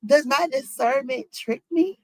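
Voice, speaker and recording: Gravelly woman chatting with her stream. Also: sits high, measured pace, darkish tone, dry recording, rough recording. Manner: talks to chat, rhetorical questions, African American Vernacular English phrasing. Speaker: streamer reacting to celebrity news. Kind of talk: casual reaction chat to viewers.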